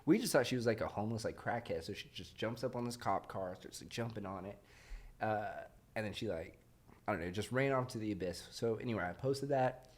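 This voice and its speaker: A man's voice: lowish voice, fairly quick. A young man hosting a podcast, telling stories in a laid-back, casual way and laughing often. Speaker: podcast host. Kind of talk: casual chat. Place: podcast studio.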